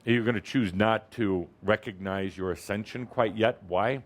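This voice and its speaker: A man giving a spiritual talk to a live audience, teasing and emphatic, jumping between loud high bursts and low asides. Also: moderate pace. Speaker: spiritual teacher addressing an audience.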